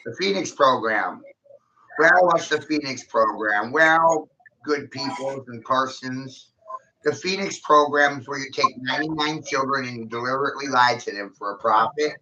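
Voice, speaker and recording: A man's voice: mid-range voice, moderate pace, sharp tone, lo-fi sound, a little hiss or hum. A man ranting angrily in a casual vlog, swearing heavily and jumping between grievances. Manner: angry, swearing, erratic. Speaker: vlogger. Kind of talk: profane rant to camera.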